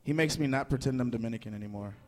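A man's voice: mid-range voice, rapid-fire. A man co-hosting a live baseball podcast on a bar stage, dropping dry short quips. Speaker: co-host.

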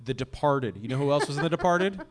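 A man's voice: on the high side, expressive, fast. A man hosting a podcast, chatting casually and trading sarcastic, ironic jokes with his guest. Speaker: podcast host. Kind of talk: casual comedic chat.

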